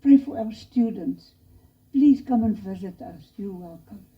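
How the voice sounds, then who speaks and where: A woman's voice: medium pitch, measured pace. A woman preaching a missionary appeal in a church chapel, earnest and pleading as she tells a story. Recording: lo-fi dull recording.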